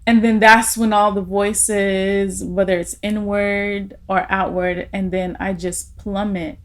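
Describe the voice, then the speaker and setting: A woman's voice: medium pitch, little pitch movement, slow. A young woman in a casual podcast conversation, telling a personal story with feeling and laughing through tears at times.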